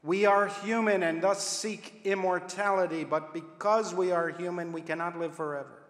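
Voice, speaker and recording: A man, a rabbi, giving a reflective sermon in measured phrases with long pauses and the odd wry aside. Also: high-pitched, steady tone, fairly bright tone. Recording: echoey room with long reverb.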